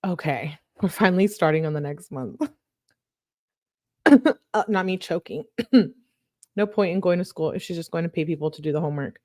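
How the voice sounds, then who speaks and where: A woman's voice: fairly low pitch, normal speed, pauses often, a little mellow, dry recording, studio quality. A woman hosting a true crime video, chatting casually and tossing out asides as she reacts to viewers' comments. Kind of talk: casual commentary, reading text messages aloud.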